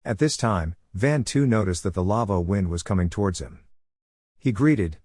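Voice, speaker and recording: A man reading a scripted story recap in a flat, even narration style on a close mic. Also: lowish voice, normal speed, no echo.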